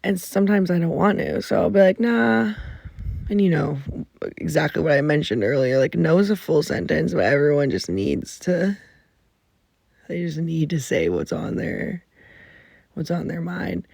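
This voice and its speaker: A woman hosting her own podcast, telling stories in a rambling, animated way with frequent swearing, talking from under a blanket. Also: sits low, normal speed, creaky, husky, no echo. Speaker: podcast host. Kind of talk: casual storytelling.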